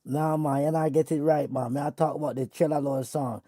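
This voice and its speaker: A man's voice: fairly high pitch, fairly even intonation, normal speed, warm tone, dry recording, clean studio sound. A man hosting his show, teasing an AI in a casual, slangy back-and-forth. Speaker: show host. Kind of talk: casual chat with an AI.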